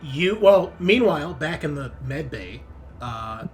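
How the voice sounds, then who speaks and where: A man's voice: on the high side, expressive, slow. Casual man running a tabletop game. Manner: casual, many fillers, laughs often. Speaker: game master.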